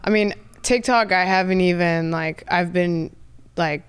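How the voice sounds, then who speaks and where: A woman's voice: fairly low pitch, unhurried, smooth. A woman guest on a podcast in loose, casual chat, swearing freely and saying "like" often.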